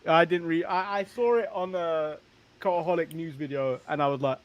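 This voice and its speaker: A man's voice: fairly high pitch, normal speed, muffled recording. A man from England with an English accent, co-hosting a wrestling podcast in a wry, teasing way with hesitant fillers. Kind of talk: casual chat.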